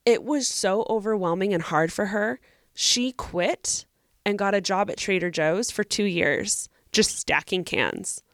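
A woman's voice: medium pitch, unhurried, a bit bright, no room sound, clean studio sound. A young woman co-hosting a podcast, giving earnest, encouraging advice to a listener in casual chat. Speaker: podcast co-host.

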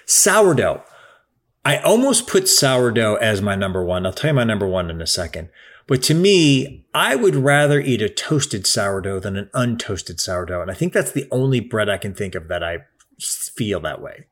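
A man's voice: fairly low pitch, very animated, moderate pace, a bit bright. A man talking in a casual, emphatic chat, swearing now and then.

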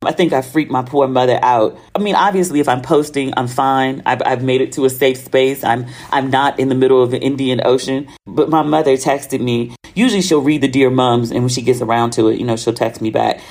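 A woman's voice: a bass voice, fairly even intonation, brisk, few pauses, darkish tone. An American woman hosting her own podcast, telling travel stories in a chatty, slangy way and acting out the dialogue. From United States. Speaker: podcast host. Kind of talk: casual solo podcast monologue.

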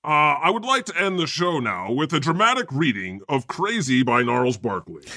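A male podcast host with a bright, forceful voice and a lively, swooping pitch. He talks casually but theatrically, dropping into deadpan before breaking out loud. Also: moderate pace, no room sound. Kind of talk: casual interview chat.

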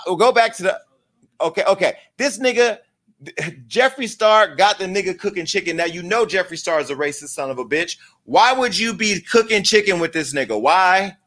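A man's voice: high voice, bright, forceful tone. A man hosting his own comedic celebrity gossip show, sassy, profane and theatrical in his delivery. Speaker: host. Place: home studio with lights.

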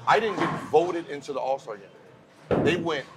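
A man's voice: a little high, unhurried, noisy background. A man hosting a casual podcast chat, telling stories with energy and acting out the voices of the people he quotes. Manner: animated storyteller who acts out quoted voices. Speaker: podcast host.

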